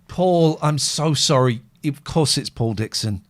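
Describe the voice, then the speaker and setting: A man hosting a phone-in show in casual chat, rambling and excitable, swinging between loud outbursts and quiet musing. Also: fairly high pitch, measured pace.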